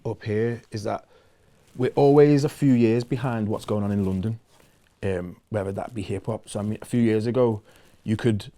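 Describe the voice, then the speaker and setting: A man with a lowish voice chats casually as a musician guest in an interview, relaxed and loose and using lots of fillers.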